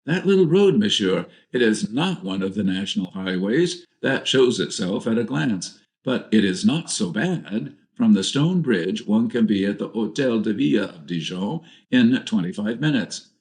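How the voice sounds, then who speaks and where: A man's voice: on the low side, lively intonation, moderate pace, few pauses, darkish tone. A man doing an eager, obliging motorcyclist.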